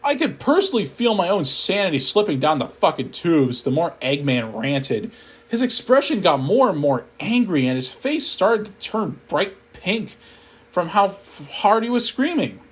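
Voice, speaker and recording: A man narrating a comedic horror story in a profane, deadpan storytelling manner. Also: sits high, moderate pace, breathy edge.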